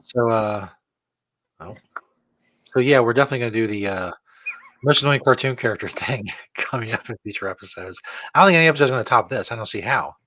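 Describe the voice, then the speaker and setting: A man's voice: medium pitch, expressive, quick pace, pauses often, fairly bright tone, no echo. A man hosting a casual show, joking dryly and chuckling often. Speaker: show host. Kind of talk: casual chat.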